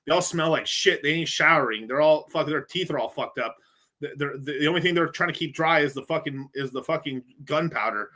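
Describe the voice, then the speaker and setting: A man's voice: a little high, fairly quick, bright, forceful tone. A man from the United States, a crypto livestreamer, ranting casually with lots of swearing, rambling and frequent laughter. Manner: profane, rambling, laughs often.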